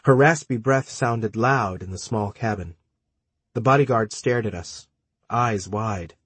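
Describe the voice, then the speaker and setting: A man narrating a story in the first person, measured and dry, with terse dialogue. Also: on the low side, a bit bright, husky, no room sound. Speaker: audiobook narrator.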